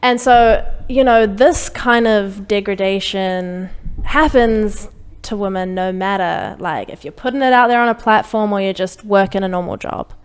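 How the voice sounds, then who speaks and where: A woman's voice: medium pitch, normal speed, clear, resonant tone, long reverb tail. A young woman talking frankly as a podcast guest, chatty and full of fillers. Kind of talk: casual conversation.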